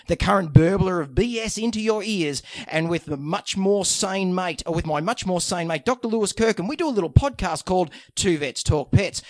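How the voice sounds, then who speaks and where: A man's voice: high voice, no room sound, clean studio sound. A man with an Australian accent, a veterinarian guest who jokes through a scripted intro and rambles playfully in casual chat. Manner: playful banter, rambling with fillers.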